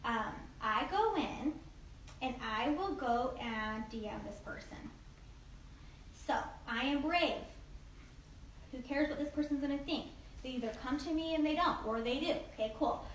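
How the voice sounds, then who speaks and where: A woman's voice: high voice, expressive, a little slow. A woman giving a casual group training talk on networking, upbeat and chatty, with frequent "like" and "okay?". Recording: echoey room, mic from a distance, faint noise.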